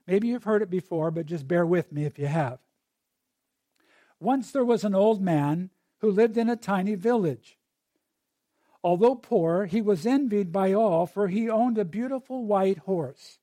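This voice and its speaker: A man's voice: high-pitched, lively intonation, measured pace, mellow, no room sound. A man preaching a sermon in a conversational way, with asides and little digressions as he tells a story.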